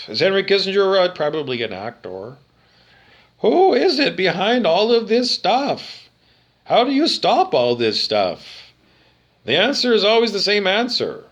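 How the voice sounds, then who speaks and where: Man in a ranting monologue, high and swooping voice, agitated, profane, repetitive, keeps asking questions. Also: a bit bright. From Canada. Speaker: video monologue speaker.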